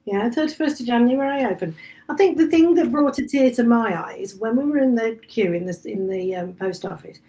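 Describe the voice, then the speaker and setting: A woman's voice: fairly high pitch, a little fast, mellow, low-quality recording. A woman with an English Midlands accent, a bookshop cafe owner chatting in an interview and acting out the dialogue of the stories she tells. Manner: chatty storyteller, acts out quoted dialogue. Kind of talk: casual interview chat.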